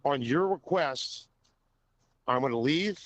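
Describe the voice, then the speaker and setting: A man's voice: a little high, animated, slow pace, fairly bright tone, no room sound. A man calling into a radio show, defiant and sarcastic with the hosts. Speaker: caller. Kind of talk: phone call to a radio show.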